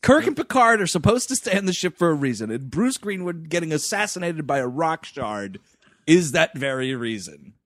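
A man co-hosting a podcast, chatting about a film with lively joking asides. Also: a little high, moderate pace, no room sound, clean studio sound. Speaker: podcast co-host. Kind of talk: casual comedic chat.

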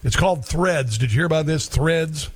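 A man's voice: fairly high pitch, normal speed, husky, dry recording. A middle-aged man hosting talk radio in a rambling, folksy monologue full of fillers.

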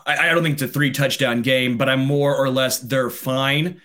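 A man's voice: medium pitch, a little fast. A man co-hosting a sports podcast, casual and joking, also reading a sponsor plug. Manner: joking, reads sponsor plug in relaxed chat tone. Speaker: podcast co-host.

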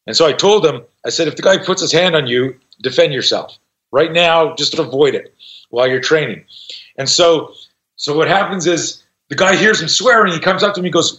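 A man's voice: fairly high pitch, a little fast. A man in his sixties, a self-defense instructor, telling a story in a conversation. He swears freely and acts out the voices of the people in his story. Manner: profane, animated, acts out voices in his stories. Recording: dull lo-fi sound.

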